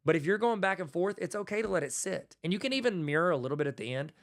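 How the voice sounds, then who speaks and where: Folksy man, slightly high voice. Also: expressive, rapid-fire. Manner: folksy, conversational, acts out dialogue. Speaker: podcast host and educator. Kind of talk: casual solo podcast talk.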